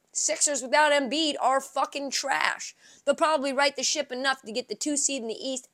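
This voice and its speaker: A woman hosting a podcast, delivering a profane, animated sports rant that swings from shouted outbursts to low, mumbled asides, with a migraine. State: has a migraine. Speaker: podcast host.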